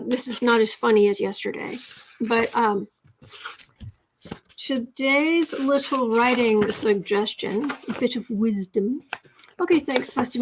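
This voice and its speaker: A woman with a slightly high voice hosts a casual writing livestream. She chats with viewers, reads their comments aloud and corrects herself as she goes. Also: a little hiss or hum. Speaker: livestream host and writing coach.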